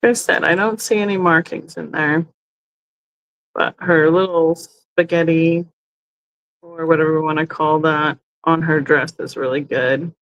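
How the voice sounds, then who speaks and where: A woman's voice: lowish voice, rough recording. A woman hosting a live online sale, chatting casually and thinking aloud as she describes each item, often correcting herself. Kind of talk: casual live-stream selling. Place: indoors, seated in a chair.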